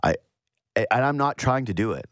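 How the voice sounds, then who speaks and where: At a normal speed, a man hosts a sports radio show with a clean, dry studio sound. His talk is casual and lively, wandering through his ideas, and he raises his voice to mimic quotes.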